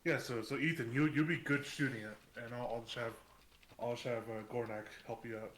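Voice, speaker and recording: A man's voice: medium pitch, steady tone, brisk, fairly bright tone. A man playing a tabletop game who hesitates and repeats his words. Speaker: player. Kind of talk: casual tabletop game chat.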